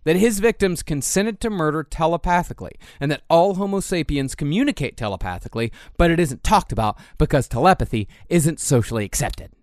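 A man's voice: fairly high pitch, lively intonation, fairly quick, hardly any pauses, no echo. Male podcast co-host, matter-of-fact, dry close sound. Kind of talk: comedic true-crime podcast chat.

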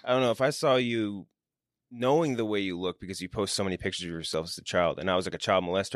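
Fast-talking low-voiced young man host. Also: dry recording, studio quality. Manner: quick joking banter. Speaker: podcast host. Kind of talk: casual chat.

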